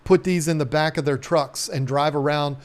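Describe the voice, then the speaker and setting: A man's voice: fairly high pitch, fairly even intonation, normal speed. A man hosting a casual live stream, rambling in a folksy way with plenty of ums. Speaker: aquarium channel host.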